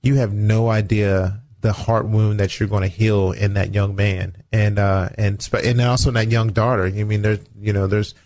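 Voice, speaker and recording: A man's voice: lowish voice, level tone, normal speed, hardly any pauses, darkish tone. A man co-hosting a radio talk show, speaking earnestly about faith, family and leadership, with a preachy tone. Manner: earnest, preachy, acts out little quoted exchanges. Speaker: radio show co-host, former football player.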